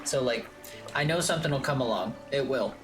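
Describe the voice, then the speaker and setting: Woman streamer, low voice, rambling casual chat, swears, music under. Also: brisk. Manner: chatty and rambling, swears freely. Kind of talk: casual chat while gaming. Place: home streaming room.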